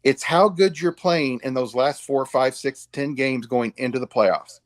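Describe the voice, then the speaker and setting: A man's voice: mid-range voice, unhurried, dry recording. A man co-hosting a casual hockey fan show, talking casually, agreeing readily and restarting his sentences. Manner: agreeable, repeats himself and restarts often. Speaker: podcast co-host. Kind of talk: casual sports talk.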